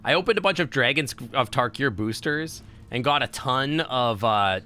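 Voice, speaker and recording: A man's voice: medium pitch, animated, normal speed, pushed and bright. A man streaming a video game, chatting casually and swearing now and then. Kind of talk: casual gameplay chat.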